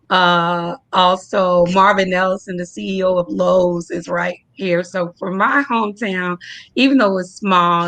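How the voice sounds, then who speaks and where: A woman's voice: fairly low pitch, a bit bright, no room sound. A woman from Tennessee, speaking effusively to viewers on a video call as she hosts a live-stream announcement. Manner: effusive, laughing, addresses viewers as y'all. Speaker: host announcing her new venture.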